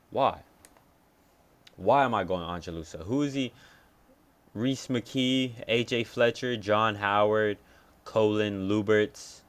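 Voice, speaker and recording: A young man talks through upcoming fights in a loose, unscripted breakdown. His voice sits fairly low, and he swears freely. He thinks aloud and second-guesses his picks as he goes. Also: slow, pauses often, smooth. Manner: rambling, profane, thinks aloud and changes picks. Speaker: MMA fight picks commentator. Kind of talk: casual fight-prediction breakdown.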